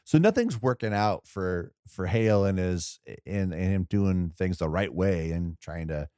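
A man's voice: low-pitched, lively intonation, measured pace, warm tone, smooth, no room sound, studio quality. A man co-hosting a podcast, chatting casually about a movie, rambling and restarting his thoughts. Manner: rambling, restarts mid-thought, laughs often. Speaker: podcast co-host.

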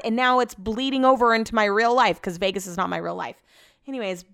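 A woman's voice: medium pitch, no echo, clean studio sound. A young woman hosting her own podcast, rambling in casual chat with lots of fillers and restarts. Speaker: podcast host. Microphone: podcast mic.

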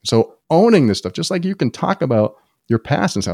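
A man co-hosting a casual podcast, telling personal stories in an animated way and acting out the people he quotes. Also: fairly quick, gravelly, no room sound, studio quality. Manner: animated storytelling, acts out quoted people with sudden high pitch jumps. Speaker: podcast co-host. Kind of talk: casual conversation.

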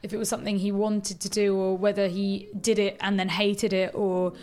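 A woman's voice: mid-range voice, flat delivery, normal speed. Frank, teasing young woman. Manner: frank, teasing, swears casually. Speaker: podcast co-host. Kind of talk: casual chat.

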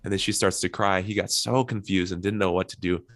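A man's voice: sits low, steady tone, fairly quick, fairly bright tone, no echo, studio quality. A middle-aged man, a couples therapist, explaining his advice as an interview guest in an earnest way and walking through examples.

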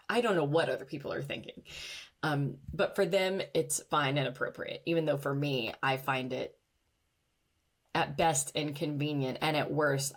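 Low voiced woman doing a solo podcast, candid and thoughtful, chuckles at herself. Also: gravelly. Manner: candid, reflective, laughs at herself. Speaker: podcast host. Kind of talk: personal monologue podcast.

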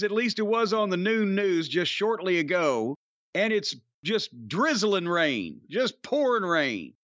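A man's voice: sits high, fairly bright tone, dry recording, dull audio. A man with a Southern US accent, hosting a podcast in a long-winded, sardonic, profane way. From Southern United States. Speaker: podcast host. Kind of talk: casual rambling chat.

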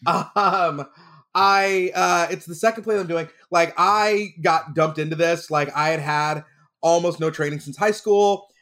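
A man from Texas, a drama teacher, telling stories in casual comedic chat, animated and laughing as he goes. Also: fairly high pitch, a little slow. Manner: animated, laughs through his own stories. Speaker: drama teacher and podcast regular.

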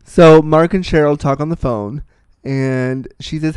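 A man's voice: on the high side, steady tone, measured pace, a little mellow, clear, resonant tone, no room sound. Blunt, profane man chatting about a film. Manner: blunt, profane, self-deprecating storyteller. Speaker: film reviewer. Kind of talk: candid casual film review.

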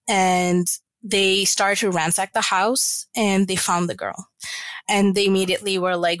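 A woman speaks earnestly as she tells a long family story in a podcast interview. Her voice sits at a middle pitch, and the recording is dry, with no room sound. She talks reflectively and fills her sentences with casual "you know"s. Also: steady tone, measured pace, fairly bright tone, dry recording. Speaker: podcast guest.

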